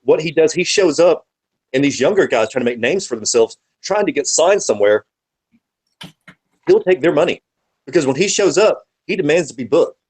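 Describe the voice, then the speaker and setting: Profane, animated man telling stories. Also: a little high, normal speed, breathy edge, low-quality recording. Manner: profane, animated, rambling anecdotes. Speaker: podcast guest, wrestling manager. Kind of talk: casual storytelling chat.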